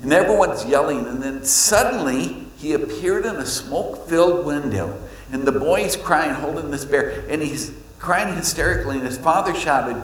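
A man preaching a sermon, reading scripture and telling stories, with his pitch jumping up on points he wants to stress. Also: moderate pace, few pauses. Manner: animated storytelling, pitch leaps on emphasis. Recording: echoey hall with long reverb.

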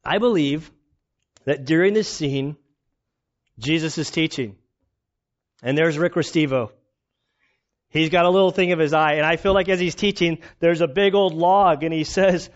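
Animated, self-mocking male pastor. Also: high voice, moderate pace, long pauses. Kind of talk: casual storytelling sermon. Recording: dull lo-fi recording.

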